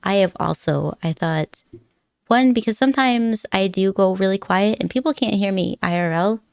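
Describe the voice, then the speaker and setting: A woman's voice: mid-range voice, normal speed, gravelly, darkish tone, clear, resonant tone, dry recording, studio quality. A woman live streamer chatting casually with her viewers, rambling and giggly, laughing often and teasing her chat playfully.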